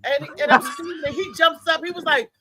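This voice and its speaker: A woman's voice: very high voice, a little fast, bright, forceful tone, a little hiss or hum, low-quality recording. A woman co-host animatedly telling a story in casual chat, laughing as she goes.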